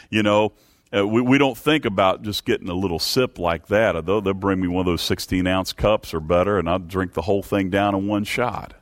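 A man's voice: dry recording, clean studio sound. Fiery preacher man with folksy swings. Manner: swings from low hushed tones to loud pleading cries; folksy, addresses congregation as folks. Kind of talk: sermon.

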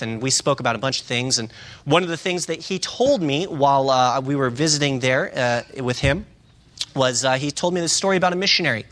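A man preaching a sermon, telling a story in a halting way, with many filler sounds and restarts. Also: on the high side, pushed and bright.

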